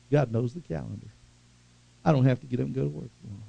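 A middle-aged male pastor preaching an animated sermon, swinging from loud calls to hushed asides. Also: mid-range voice, quick pace, creaky, slightly rough. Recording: dull lo-fi sound.

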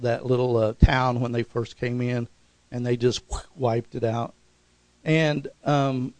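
A man's voice: medium pitch, darkish tone, dry recording, rough recording. A man delivering a sermon as a pastor, moving between loose, conversational asides and emphatic, repeated exhortations. He keeps calling for "Amen?" from the congregation. His voice sits in an ordinary middle register, recorded close and dry with almost no room sound. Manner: preaching with frequent call-and-response "Amen?"; conversational, with fillers and restarts.

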